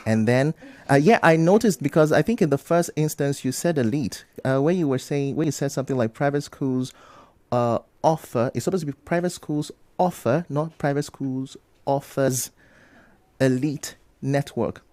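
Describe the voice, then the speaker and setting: A man in a radio studio, briskly correcting student debaters' pronunciation word by word and explaining each fix. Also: medium pitch, darkish tone, no echo. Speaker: pronunciation coach on a radio show.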